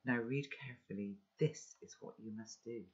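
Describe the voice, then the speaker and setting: A man's voice: mid-range voice, moderate pace, lightly acted. A man reading a loving father's letter to his son aloud, earnest and instructive. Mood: urgent. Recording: dull, lo-fi recording.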